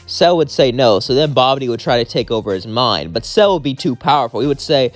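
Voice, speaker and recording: A man's voice: mid-range voice, lively intonation, brisk. Man narrating a fan story over music. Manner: conversational, plain. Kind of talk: casual fan-fiction storytelling. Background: faint music.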